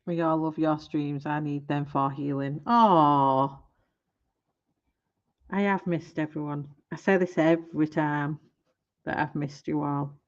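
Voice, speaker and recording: A woman's voice: low voice, steady tone, slow, lo-fi sound. A woman hosting a colouring live stream, chatting casually and giggling as she trips over product names.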